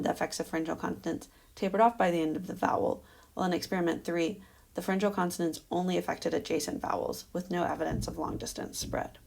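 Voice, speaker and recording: A woman presenting her dissertation defense in a measured, explanatory academic style, walking through results on slides with an occasional um. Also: lowish voice, gravelly, darkish tone.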